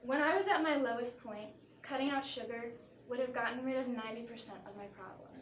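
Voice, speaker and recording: High-voiced woman doing a mock motivational talk. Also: brisk, fairly bright tone. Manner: mock-earnest self-help speaker, giggly. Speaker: stand-up comedian. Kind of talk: parody motivational talk on stage. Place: small theater stage. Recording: echoey theater from far off, noisy. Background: audience laughter.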